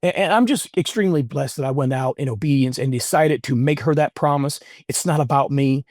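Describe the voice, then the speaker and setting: A middle-aged man, a guest on an interview show, tells a personal story in an earnest, heartfelt way, often halting and restarting his sentences. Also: mid-range voice, a little mellow, no room sound, clean studio sound.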